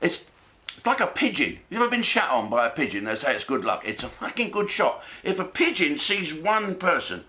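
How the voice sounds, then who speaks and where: A man's voice: on the high side, big pitch swings, fairly quick, pushed and bright. A man, doing a blokey, jokey comic monologue full of swearing and asides. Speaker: comedian host.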